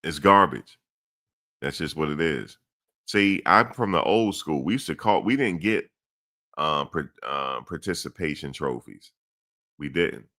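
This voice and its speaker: With an extremely low voice, sharp in tone, lively in intonation and measured in pace, a middle-aged man hosts sports commentary. He goes on a blunt, blustery rant, hammering the same points repeatedly and addressing listeners directly.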